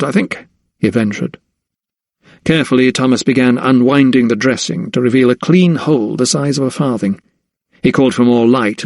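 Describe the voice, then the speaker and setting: A man narrating an audiobook in a measured storytelling manner. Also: mid-range voice, no echo, clean studio sound. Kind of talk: scripted narration.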